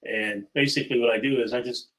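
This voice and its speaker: A man's voice: medium pitch, steady tone, fast, fairly bright tone, rough recording. A man speaking as a guest in a casual podcast chat, easygoing and plainspoken with light humor.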